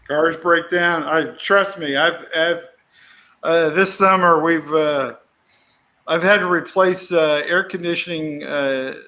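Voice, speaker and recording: High, bright-voiced comedian telling stories. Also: male voice, takes it slowly. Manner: animated storyteller, acts out quoted voices with whoops. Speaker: comedian guest. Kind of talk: casual interview chat.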